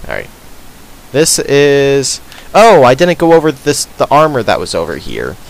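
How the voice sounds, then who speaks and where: Sarcastic man with lively pitch. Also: measured pace, gravelly, rough recording. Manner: sarcastic, self-deprecating muttering. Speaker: let's play host. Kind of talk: casual gaming commentary.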